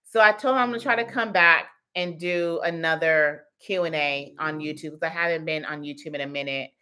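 A woman's voice: deep voice, a little fast, sharp tone, clean tone. A woman in her thirties hosting a casual livestream Q&A as a business coach, chatty and laughing often as she answers the chat.

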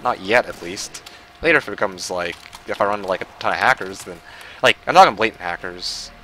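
A man giving casual live commentary while playing an online shooter, muttering, swearing and breaking into yells and laughter. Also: lowish voice, brisk, a little hiss or hum. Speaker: gaming livestreamer.

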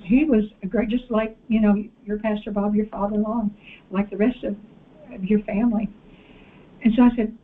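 A woman preacher delivering an animated sermon and calling out to the congregation in a church. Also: medium pitch, normal speed. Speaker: guest preacher. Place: church sanctuary. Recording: tinny phone-like audio.

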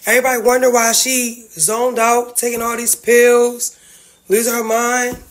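A woman's voice: on the high side, little pitch movement, moderate pace. A woman venting to her livestream viewers about family feuds, blunt, profane and heartfelt. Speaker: reality-TV family member livestreaming.

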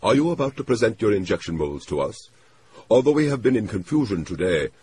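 A man's voice: lowish voice, very animated, fairly quick, a little mellow, slight background noise, voice pushed up. A man voicing a formal, anxious middle-aged trade official who speaks in stiff, overly polite phrasing.

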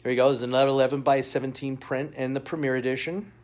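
A man's voice: medium pitch, flat delivery, quick pace, a little mellow. A man hosting a live comic-shop sales stream, chatty and upbeat, greeting chat viewers by name and laughing often. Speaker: shopping show host. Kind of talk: live-stream product showcase.

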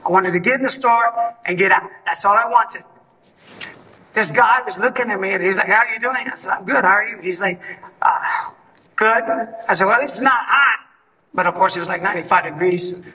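Guy telling a story at an event, high bright voice, kinda far from the mic. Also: fairly quick, pauses often. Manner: animated storyteller, acts out both sides of dialogue. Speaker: event speaker. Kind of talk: storytelling speech to an audience. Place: event hall.

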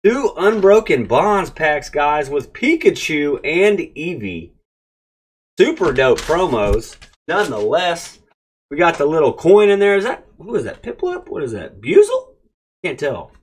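A man hosts a casual pack-opening vlog, gushing over each card and talking straight to his viewers. His pitch swings widely, climbing high when something excites him and dropping low in between. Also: measured pace, slightly rough. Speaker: card-opening channel host.

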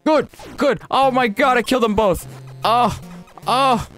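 A gaming channel host does live let's play commentary on his own gameplay, his voice very high and bright, a little slow, with faint music underneath. He gets frustrated a lot, swearing, laughing at himself, and sometimes begging the game.

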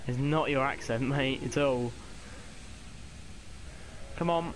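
Chatty, swearing man reacting loudly to a game, mid-range voice. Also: mid-range voice, takes it slowly. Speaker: let's play gamer. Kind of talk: casual gameplay commentary. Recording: noticeable background noise.

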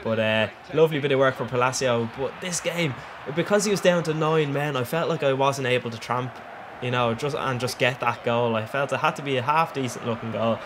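A young man with an Irish accent doing cheeky, excitable voice-over commentary on his own gameplay, laughing often. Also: medium pitch, brisk, background noise. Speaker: gaming channel host.

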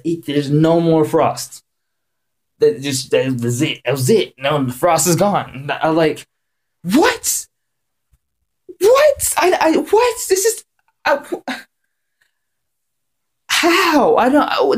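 A man giving a casual rant-style video review, excitable and rambling, repeating himself and jumping up in pitch when worked up. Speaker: anime reviewer.

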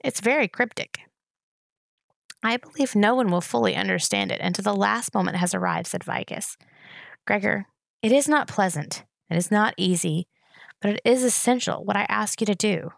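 A woman's voice: mid-range voice, moderate pace, vocal fry, no echo. A woman reading a children's novel aloud, shifting her voice a little for the characters. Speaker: reader.

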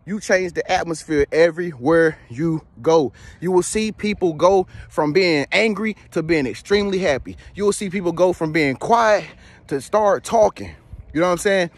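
A man giving a casual motivational talk, animated and slangy, joking as he tells stories. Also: fairly high pitch, normal speed, dry recording. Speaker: motivational vlogger.

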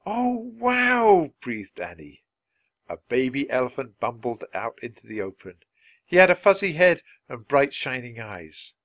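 A man's voice: mid-range voice, normal speed, dry recording. Man reading a children's book aloud. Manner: steady, clearly paced reading for learners. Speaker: storybook reader.

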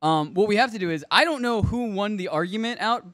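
A man hosting a pop culture podcast, joking and animated in casual chat. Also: high-pitched, fairly quick. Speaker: podcast host. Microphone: studio microphone.

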